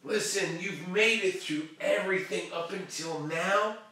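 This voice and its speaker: A man hosting a show and giving a fervent, preachy motivational pep talk that swings from shouting to hushed tones. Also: high voice, unhurried, very echoey, recorded from a distance, very noisy. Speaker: motivational live-stream host.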